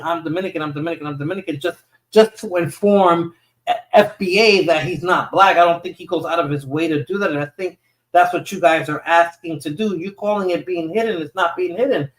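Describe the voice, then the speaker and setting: A man's voice: high voice, fairly quick, fairly bright tone. A man hosting a live stream, answering chat in casual, conversational talk and often repeating words as he thinks. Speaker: livestream host reading chat. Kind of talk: casual livestream commentary.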